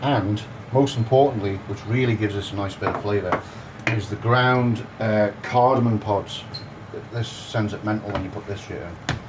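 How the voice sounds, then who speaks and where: Cheeky crude home cook. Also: male voice, on the low side, normal speed, background noise. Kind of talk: casual cooking demonstration. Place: home kitchen.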